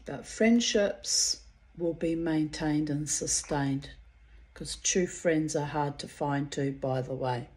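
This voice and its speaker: A woman's voice: deep voice, slow pace, a little mellow. A middle-aged woman giving a casual personal oracle reading, rambling and heartfelt, calling her listeners darlings and babies. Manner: rambling and heartfelt, repeats words. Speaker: oracle card reader.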